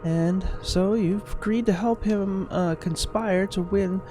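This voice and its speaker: A man's voice: high voice, steady tone, takes it slowly, dark tone, faint music behind, voice pushed up. A man voicing a wistful middle-aged woman, a former romance novelist, in a dreamy, rambling, self-mocking way. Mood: dramatic.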